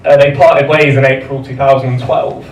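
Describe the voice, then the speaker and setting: A man doing a dry, deadpan stand-up set in a comedy club, pausing before each punchline. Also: medium pitch. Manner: dry, deadpan delivery with measured pauses. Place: comedy club stage with laughing audience. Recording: roomy live club sound from a distance, audience noise.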